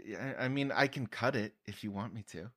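A man hosting a casual interview, relaxed and easygoing, with a fairly low voice. He asks questions at length and answers with short, encouraging replies. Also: a little fast. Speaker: podcast host.

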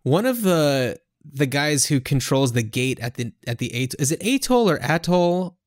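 A man's voice: medium pitch, normal speed, no room sound, studio quality. A man hosting a podcast, chatting casually in a rambling way with lots of fillers. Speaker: podcast host. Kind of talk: casual chat.

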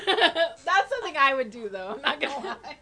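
Woman, co-host, playful, giggly, very high lively voice. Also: a little fast, a crowd in the background. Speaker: podcast co-host. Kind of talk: casual group chat.

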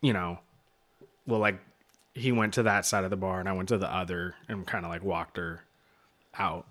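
A man's voice: low voice, steady tone, normal speed, a bit bright. A man, a bar owner guest, speaking hesitantly with many fillers in casual chat.

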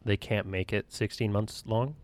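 A man's voice: fairly low pitch, steady tone, moderate pace, darkish tone, no room sound. A man co-hosting a casual podcast chat, laid-back and chiming in with short agreements. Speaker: podcast co-host.

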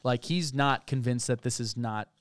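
A man's voice: medium pitch, normal speed, clean tone, no echo. A man co-hosting a true-crime podcast, talking casually and reading from case reports as he thinks aloud. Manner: conversational, reads from case documents, thinks aloud. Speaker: podcast co-host.

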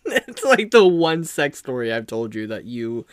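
A man's voice: mid-range voice, sing-song, a little slow, a crowd in the background. A man co-hosting a comedy podcast, dropping hesitant quips and laughing often. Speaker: podcast co-host. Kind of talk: casual comedy chat.

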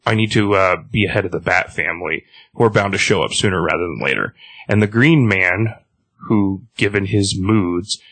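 Guy reading out a weary plant-powered villainess, cold, flat delivery, lowish and dry. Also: moderate pace, no room sound. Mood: calm. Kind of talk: reading comic dialogue aloud.

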